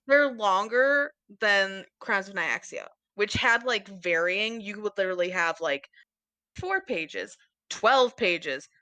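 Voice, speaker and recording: A woman's voice: medium pitch, animated, slow, sharp tone, clear, resonant tone, dry recording. A woman co-hosting a podcast, chatting casually about books in a rambling, giggly way with lots of fillers. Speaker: podcast co-host.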